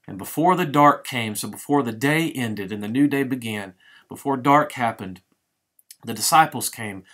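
Male pastor, middle-aged, devotional sermon, vivid storytelling, mid-pitched voice, emphatic slowdowns. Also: a bit bright. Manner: vivid dramatic retelling, emphatic and slowing for weight.

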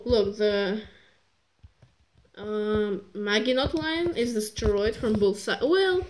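A woman's voice: medium pitch, darkish tone. A woman reviewing a strategy game in rambling, joking commentary that keeps interrupting itself. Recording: noisy recording with clicks.

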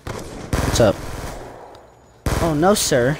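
Young man, gameplay commentary, jokey trash talk, very lively pitch, faint gunfire behind. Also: normal speed. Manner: excitable, jokey trash talk with sudden yelps. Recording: faint gunfire and game noise. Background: gunfire from the game.

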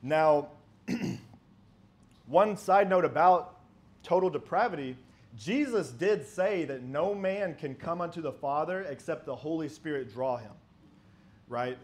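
A man's voice: on the high side, expressive, takes it slowly. A man preaching a sermon, arguing emphatically with rhetorical questions and reading old-style scripture aloud.

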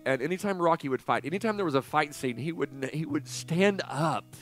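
A pastor in his forties preaching a sermon, telling a personal story with animated swings from hushed to loud. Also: on the high side, brisk, soft background music. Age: 40s. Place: church sanctuary.

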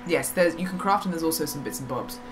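A woman's voice: deep voice, lively intonation, fast, music in the background. A woman helping a friend through a game on a live stream, teasing her, greeting viewers and giving tips. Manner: playful, teasing, greets chat and gives tips. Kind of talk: casual live-stream chat.

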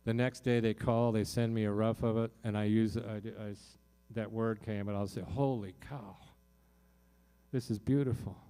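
Lowish mellow guy rambling through a heartfelt story on stage, lots of uh's. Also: completely flat delivery, normal speed, few pauses, clear, resonant tone. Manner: loose, heartfelt storytelling with many fillers and restarts. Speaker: singer-songwriter performing in concert. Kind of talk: personal story told to a live audience.

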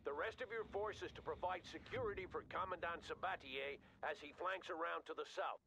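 An actor playing an authoritative American colonel giving orders in a war game. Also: male voice, on the high side, fairly quick, lightly acted. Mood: commanding. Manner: curt, authoritative. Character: bold commanding male American colonel. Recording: game audio over game music.

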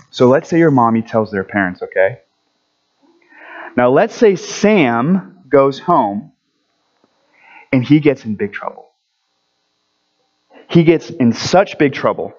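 A man giving a children's story at a church service, friendly and animated, asking the kids questions as he goes. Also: medium pitch, dull audio.

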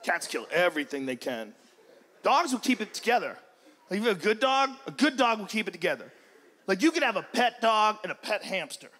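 A man performing a stand-up routine on stage, loud and profane, acting out the animals in his bits. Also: sits high, very animated, fairly quick, slight background noise. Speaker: stand-up comedian. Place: comedy stage before a large audience. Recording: live show with loud crowd. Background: loud audience laughter.

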